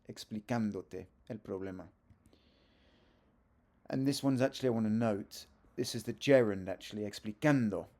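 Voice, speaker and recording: A man's voice: fairly low pitch, vocal fry, dark tone. A man teaching a video grammar lesson, chatty and self-correcting, with joking asides as he explains. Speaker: Spanish teacher.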